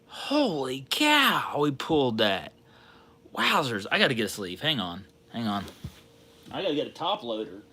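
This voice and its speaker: A man hosting a sports card livestream, chatting casually and getting loudly excited over his pulls. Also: medium pitch, unhurried, breathy edge. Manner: excitable, hollering and laughing over a big pull.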